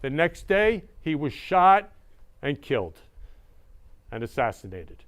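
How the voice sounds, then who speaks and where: A man's voice: on the high side, big pitch swings, takes it slowly. A male show host talking in an effusive casual monologue, repeating loving phrases over and over.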